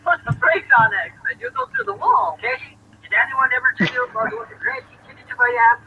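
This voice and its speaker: An actor playing an excitable, brash newspaperman in 1940s radio acting. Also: extremely high pitch, a little fast, vocal fry, heavily acted. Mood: excited. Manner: brash, talky, exclamatory. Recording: muffled old radio broadcast with hiss.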